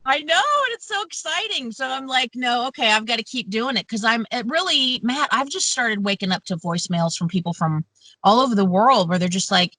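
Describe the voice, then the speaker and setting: A woman's voice: on the high side, animated, brisk, sharp tone, rough recording. A woman chatting casually as a podcast guest, blunt and sweary, laughing often. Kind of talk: casual chat.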